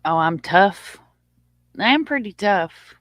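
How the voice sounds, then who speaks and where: A woman's voice: medium pitch, expressive, takes it slowly, a bit bright, dry recording. A woman hosting a casual live stream and chatting informally with her viewers, a little short of breath. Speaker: livestream host. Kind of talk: casual livestream chat.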